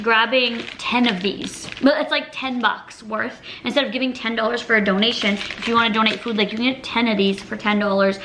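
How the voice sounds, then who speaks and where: A woman's voice: on the high side, background noise. A woman food vlogger chatting casually in a home kitchen, bubbly and giggly as she cooks and tastes.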